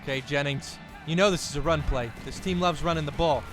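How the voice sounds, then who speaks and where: High-voiced excitable young man calling a game. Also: soft background music. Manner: excitable, jokey, quick outbursts. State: voice cracking. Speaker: gaming YouTuber. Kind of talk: casual play-by-play commentary over a football video game.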